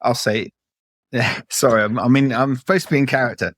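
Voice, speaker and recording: A man's voice: mid-range voice, steady tone, normal speed, fairly bright tone, no echo. A man co-hosting a comedy show, earnest and insistent as he argues his point. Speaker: co-host. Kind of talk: comedic banter.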